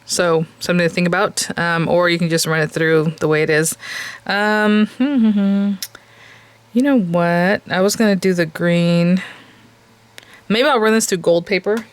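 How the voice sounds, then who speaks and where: A woman's voice: on the low side, steady tone, measured pace, clean tone. Chatty woman talking through a craft tutorial. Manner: chatty and self-amused, laughs at herself often; thinks aloud with many fillers. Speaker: papercraft tutorial host. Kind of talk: casual craft tutorial chat.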